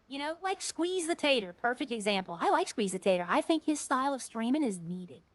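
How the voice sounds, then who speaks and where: A woman's voice: high voice, big pitch swings, brisk, dry recording, low-quality recording. A woman streamer chatting casually while playing a game, rambling and earnest, often restarting her sentences.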